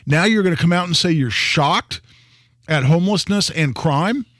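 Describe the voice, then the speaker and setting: A man's voice: a little high, expressive, normal speed, a bit bright, dry recording. A man co-hosting a talk radio show, earnest, often restarting his sentences and repeating words, speaking into a studio microphone. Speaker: guest radio host. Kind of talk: talk radio political discussion.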